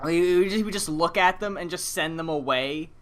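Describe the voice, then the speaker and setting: A co-host talking loosely on a podcast, backtracking while trying to recall old TV episodes. The voice is mid-pitched with a bright edge. Swearing and laughter come easily. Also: fairly quick. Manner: rambling, laughs along, swears casually. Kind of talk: casual chat.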